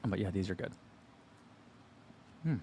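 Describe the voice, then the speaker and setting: A man's voice: low voice, moderate pace, creaky, slight background noise. A man in his thirties hosting a running livestream, chatting casually and sometimes talking with his mouth full. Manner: relaxed, chatty, talks while chewing. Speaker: running channel host. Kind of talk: casual livestream food tasting.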